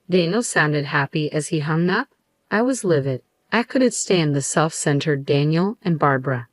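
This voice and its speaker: A woman with a low voice narrates a dramatic first-person story in a measured, even manner. The sound is dry and close to the mic. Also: no echo.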